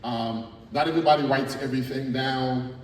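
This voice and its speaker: A middle-aged man, a spoken word artist giving a lively, playful workshop talk to students in a large school hall. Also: medium pitch, normal speed, a little hiss or hum. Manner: animated and playful, coaching the crowd. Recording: echoey hall from far off.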